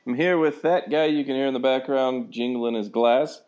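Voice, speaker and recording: A man's voice: medium pitch, normal speed, a little mellow, highs cut off. A man hosting a podcast in a casual, laid-back way, laughing along with his co-host. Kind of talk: casual chat.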